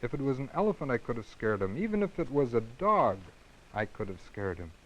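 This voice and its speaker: A man voicing a boastful little male kitten, speaking in a proud, puffed-up way, often rising higher in pitch. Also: sing-song, a little fast, dull audio. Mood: indignant.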